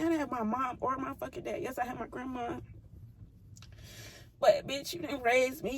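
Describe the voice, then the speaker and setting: A woman's voice: a little high, normal speed, creaky, a little hiss or hum. A young woman vlogger telling a personal story in a blunt, heated, profane way. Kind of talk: casual storytime.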